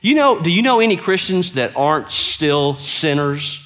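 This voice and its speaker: Very animated and pitched on the high side, this middle-aged preacher speaks at a moderate pace with a fairly bright tone. His sermon is conversational and earnest, mixing storytelling with questions aimed at the audience.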